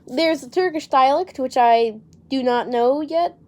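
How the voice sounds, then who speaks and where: A woman's voice: high voice, unhurried, a little mellow. A young woman talking casually to camera, rambling and unsure, with casual swearing and lots of fillers. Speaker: vlogger.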